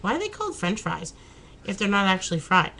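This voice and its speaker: A woman's voice: mid-range voice, wildly swooping pitch, fairly quick, sharp tone, a little hiss or hum, poor audio. A woman chatting casually in a home vlog, laughing and exclaiming as she talks. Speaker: vlogger. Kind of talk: casual chat.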